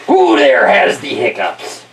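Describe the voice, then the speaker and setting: A man voicing a grumpy little mouse who talks with a gruff pirate accent, growling his words. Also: very high voice, wildly swooping pitch, takes it slowly, fairly bright tone, recorded from a distance, slight background noise, pitched above the performer's own voice, full character voice.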